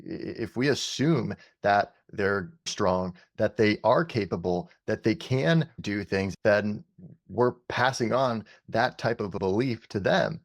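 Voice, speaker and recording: A man hosting a podcast interview, measured and reflective as he asks questions and sums up the talk. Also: fairly low pitch, no room sound, studio quality. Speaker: podcast host.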